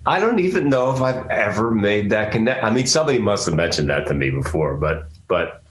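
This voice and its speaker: A man's voice: fairly low pitch, big pitch swings, brisk, roomy sound, slight background noise. A man in his sixties from Philadelphia with a Philadelphia accent, an actor chatting as a guest in a casual interview, rambling with many restarts.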